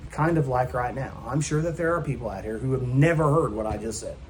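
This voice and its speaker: A man's voice: medium pitch, fairly quick, a little hiss or hum. A man preaching a sermon in a church, emphatic and full of rhetorical questions put to the congregation. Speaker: pastor.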